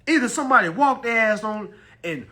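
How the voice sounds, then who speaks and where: Man, heated preachy rant, husky high voice. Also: a little fast. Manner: loud, animated, preachy, swearing, mocking voices. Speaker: consumer advice live streamer. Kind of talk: heated ranting talk.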